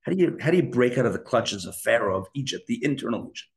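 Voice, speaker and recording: A man's voice: medium pitch, lively intonation, quick pace. A man, a rabbi, giving a live Torah class and acting out inner dialogues in shifting voices.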